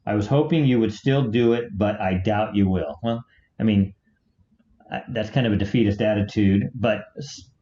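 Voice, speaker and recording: A man with a low, mellow voice reads viewer comments in an easygoing, self-deprecating way. The room is echoey and the sound is muffled and lo-fi. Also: normal speed. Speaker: co-host of a music reaction channel. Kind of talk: casual chat reading viewer comments. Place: home, remote from co-host.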